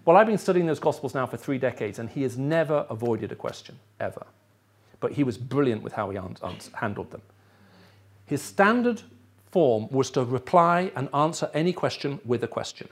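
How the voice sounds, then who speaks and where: In a medium-pitched, slightly rough voice, a middle-aged man preaches at a moderate pace with plenty of expression. He speaks with an English accent, was raised in the Middle East, and often checks in with the live audience hearing his teaching sermon.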